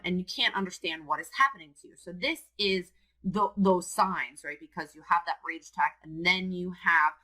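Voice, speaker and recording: A woman's voice: on the low side, bright, forceful tone, rough recording. A woman, a support coach, talking earnestly and candidly to camera about her own experience. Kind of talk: direct-to-camera personal talk.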